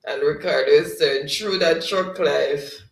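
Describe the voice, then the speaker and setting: Laughing Jamaican host reading chat aloud. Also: male voice, fairly high pitch, unhurried, creaky, distant mic. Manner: reads comments aloud, laughs often. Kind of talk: casual livestream chat. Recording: echoey room, off-mic.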